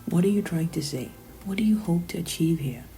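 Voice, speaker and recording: A woman delivers critical commentary in a sarcastic, pointed way. Her voice sits a little low and has a gravelly edge. Her tone is dark and mellow, with soft music playing faintly underneath. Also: animated, a little fast, rough recording. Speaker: commentary host.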